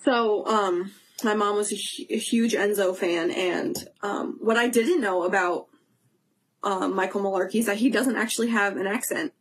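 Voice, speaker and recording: A woman's voice: medium pitch, moderate pace, slightly rough. A young woman co-hosting a podcast, chatting casually and gushing about fan events, laughing often. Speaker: podcast co-host. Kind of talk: casual chat.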